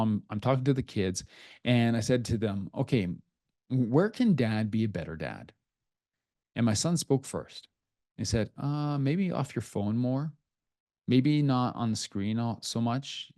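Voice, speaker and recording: A middle-aged man talks to his podcast listeners in an earnest, confessional tone. His voice is warm and mellow, and it drops quiet when he gets emotional. The recording is close and dry, with no room sound. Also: fairly low pitch, dry recording. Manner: earnest, confessional, speaks softly at emotional moments. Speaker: podcast host. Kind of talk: reflective personal podcast monologue.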